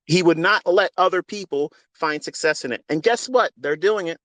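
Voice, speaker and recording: A man's voice: fairly high pitch, normal speed, fairly bright tone, no echo. Fervent middle-aged man preaching into a phone. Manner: fervent and preachy, swears casually. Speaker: trading mentor. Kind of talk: impassioned spoken monologue.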